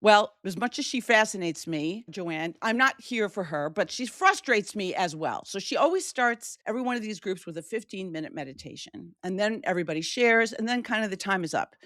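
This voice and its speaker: A woman hosting a podcast, telling a personal story in an animated way and acting out quoted voices. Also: a little fast, few pauses, dry recording, studio quality. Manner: animated, shifting pitch widely for quoted voices. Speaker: podcast host.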